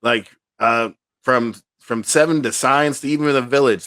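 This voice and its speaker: A man's voice: mid-range voice, unhurried, dry recording, studio quality. A man, co-hosting a podcast in casual, rambling chat. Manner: animated, rambling, laughs often. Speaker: podcast co-host.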